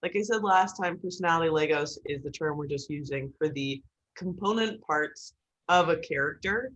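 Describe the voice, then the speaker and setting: A woman instructor giving an online writing class in a joking, lively way, over a video call. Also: sits low, normal speed, highs cut off.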